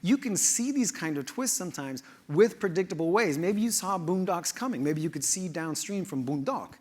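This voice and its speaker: Guy, kinda high voice, playful word-origin talk, drops low and quiet for punchlines. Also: animated, normal speed. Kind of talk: lively presented talk.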